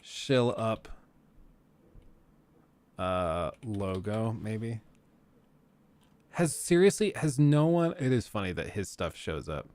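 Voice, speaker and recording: A man's voice: lowish voice, lively intonation, slow, pauses often, darkish tone. A young man hosting a live stream, chatting casually with viewers in a rambling, joking way and laughing often.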